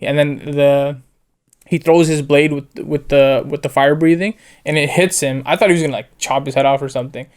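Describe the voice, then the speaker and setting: A man's voice: a little high, steady tone, a little fast. A young man co-hosting an anime review show, chatting in a laid-back way with lots of fillers and acting out quotes. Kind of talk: casual chat.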